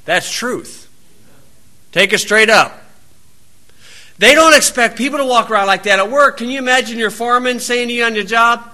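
Blunt high-voiced preacher man. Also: moderate pace, pushed and bright. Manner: blunt, plain-spoken, scolding. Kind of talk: sermon.

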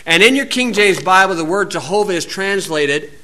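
Folksy american guy preaching outdoors, pretty high voice, gets loud and punchy. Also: animated, moderate pace. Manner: folksy, wandering asides, rises to emphatic preaching. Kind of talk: informal Bible teaching.

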